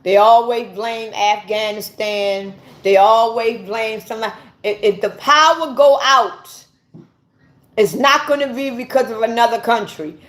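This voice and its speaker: A woman from the United States giving an impassioned, profane, preachy rant straight to her viewers. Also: on the high side. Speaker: vlogger. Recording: echoey room.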